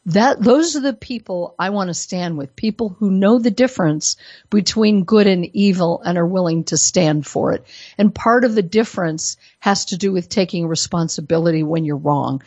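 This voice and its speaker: At a studio microphone, a woman hosting a radio talk show delivers an opinionated monologue laced with sarcasm and emphatic leaps in pitch. Her tone is dark and her pace moderate. The recording is dry, with dull audio.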